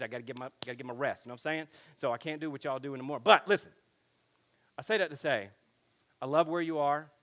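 A middle-aged man preaching to teenagers at a camp in a lively, joking way, acting out talks with his kids. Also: medium pitch. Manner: animated, joking, acts out family dialogue. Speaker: pastor speaking at a youth camp. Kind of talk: energetic sermon to teenagers.

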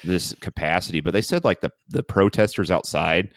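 Podcast co-host: young American man, low and gravelly, dry close mic, loose and profane. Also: brisk, no room sound. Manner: animated, swearing, laughing often. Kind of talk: casual podcast chat.

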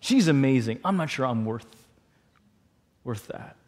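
Man voicing a reserved introvert, quiet and unsure, lower and softer than the teller. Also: animated, fairly quick, close to an everyday voice. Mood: hushed, uncertain. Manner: soft, hesitant, low-voiced.

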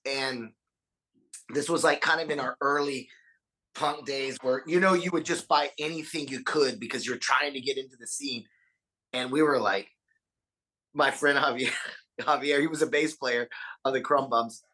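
A man telling animated stories on a casual podcast chat, swearing freely and acting out quotes. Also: mid-range voice, moderate pace, long pauses. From Texas, USA. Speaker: podcast guest.

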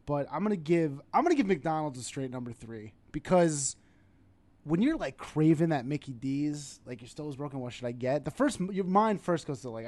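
A young man with a New York accent co-hosting a podcast in casual chat, animated and teasing, laughing often. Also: fairly high pitch, dry recording. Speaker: podcast co-host.

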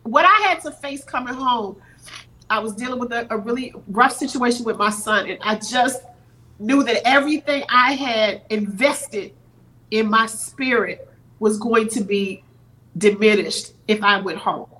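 A woman's voice: a little high, measured pace, bright, forceful tone, low-quality recording. Earnest woman telling a teary story. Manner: earnest, acts out quoted voices. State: teary-eyed. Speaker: podcast guest. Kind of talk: emotional storytelling.

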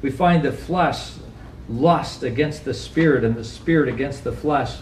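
A man's voice: measured pace, darkish tone, distant mic, slight background noise. Man preaching in an echoey church. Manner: earnest preaching, rising to high emphatic questions, acts out quotes. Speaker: pastor. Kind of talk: sermon. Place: church sanctuary.

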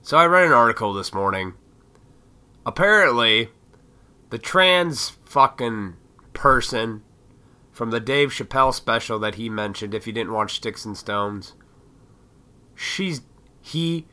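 Raspy man ranting on a cold. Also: mid-range voice, lively intonation, takes it slowly, long pauses, sharp tone. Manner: profane, heated ranting. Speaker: podcast host. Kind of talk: solo podcast rant.

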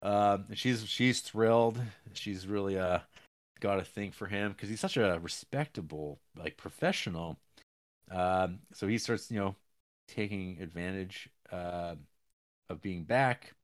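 A little slow, this man's laid-back film recap rambles along with filler words and restarts, and his voice rises in pitch as he performs the characters' dialogue.

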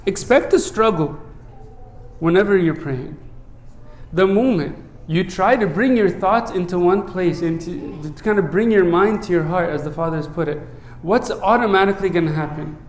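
A man who is a priest, preaching a sermon in an earnest way, often checking in with "right?" and dropping low and soft when he recites a prayer. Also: moderate pace, reverberant. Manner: earnest, asks many rhetorical "right?" checks.

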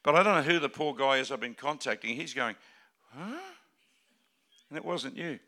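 An older man with an Australian accent and a gravelly voice, preaching as a guest with jokes and rambling asides, swinging between loud calls and quiet remarks. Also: mid-range voice, fast talker. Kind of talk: sermon.

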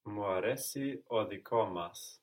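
Male learner, low husky voice, brief careful answers. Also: unhurried. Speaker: language student. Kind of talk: answering in a language lesson.

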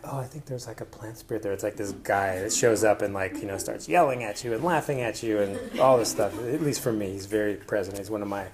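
Rambling low-voiced man giving a talk. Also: darkish tone, a little hiss or hum. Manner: rambling, with many fillers and restarts. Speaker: conference presenter. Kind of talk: casual personal talk to an audience.

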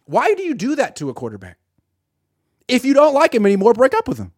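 A man giving solo sports reaction commentary, sarcastic and animated, acting out imagined quotes from the people he talks about. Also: very high-pitched, quick pace, no echo, clean studio sound.

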